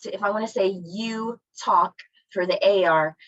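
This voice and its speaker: A woman's voice: medium pitch, moderate pace, fairly bright tone, no echo. Encouraging woman teaching over a video call. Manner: encouraging, asks students questions. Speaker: Spanish teacher. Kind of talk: online class teaching. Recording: dull lo-fi video call audio.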